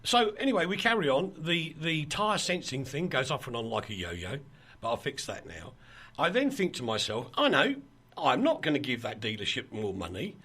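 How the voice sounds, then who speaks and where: Husky, bright-toned male talk-show host, animated storyteller. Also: medium pitch, normal speed. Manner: animated, laughing storyteller with mock quotes. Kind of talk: casual chat, storytelling.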